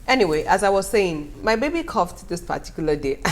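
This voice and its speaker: Animated woman vlogging. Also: lowish voice, fairly quick. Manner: animated, laughing often, talking straight to viewers. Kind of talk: casual storytelling to camera.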